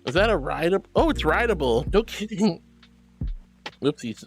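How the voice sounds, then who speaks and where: A man live-streaming in a virtual world, chatting casually and gushing over his viewers in playful, excitable bursts. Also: high voice, normal speed, soft background music.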